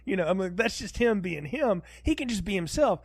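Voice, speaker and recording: A man co-hosting a film review podcast in casual chat, animated and laughing often as he acts out quotes. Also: high voice, fairly quick. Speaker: podcast co-host.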